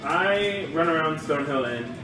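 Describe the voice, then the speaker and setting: A man's voice: fairly high pitch, animated, normal speed. A man playing a tabletop game, thinking aloud and unsure of himself. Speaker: player. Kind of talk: casual tabletop game chat. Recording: echoey room, distant from mic. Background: background music.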